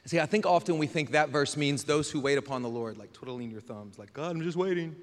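Pastor preaching in a reverberant church. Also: male voice, medium pitch, brisk. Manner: conversational preaching with rhetorical questions to the congregation. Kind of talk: sermon. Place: church sanctuary. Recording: hall reverb from a live church service.

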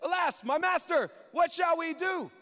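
A man's voice: extremely high pitch, unhurried, bright, forceful tone, pitched above the performer's own voice, full character voice. A man voicing a terrified male servant, shrieking in panic. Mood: panicked shouting. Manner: shrieking, frantic. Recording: long church hall reverb.

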